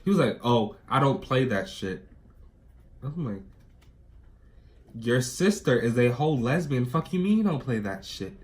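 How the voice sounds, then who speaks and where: A man's voice: medium pitch, measured pace, long pauses. Young New York man telling a story. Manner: animated storytelling, swears often. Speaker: co-host. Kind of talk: casual chat.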